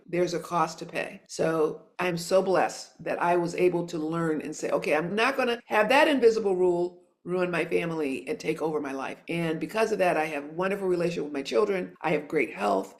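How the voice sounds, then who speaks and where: Earnest middle-aged woman telling a personal story. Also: deep voice. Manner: earnest, repetitive, emphatic. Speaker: podcast host and coach for lawyers.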